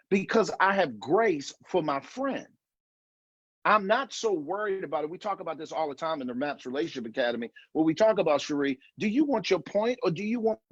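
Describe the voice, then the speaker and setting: This middle-aged man speaks in a somewhat high, animated voice, a little fast and breathy. He gives an earnest online marriage conference talk over a video call, repeating phrases for emphasis and often restarting, in a dry recording with the highs cut off.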